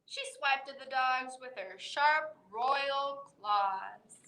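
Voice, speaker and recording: A woman reads a children's bedtime story in a high, bright voice, unhurried and expressive. She drops in playful animal noises as she goes. Her voice rings in a roomy library space. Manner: expressive, voicing animal sounds. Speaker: children's librarian reading aloud. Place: library room.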